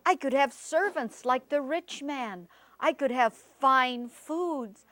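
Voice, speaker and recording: A woman storyteller voicing a poor male farmer who speaks eagerly and excitedly. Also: sits high, slow pace, voice pushed up. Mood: dreaming.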